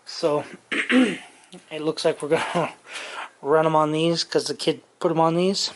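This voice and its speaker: Slow, rambling man clearing his dry throat. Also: a little high, steady tone, background noise. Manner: rambling, many fillers and restarts. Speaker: truck restoration vlogger. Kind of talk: casual work-in-progress walkthrough.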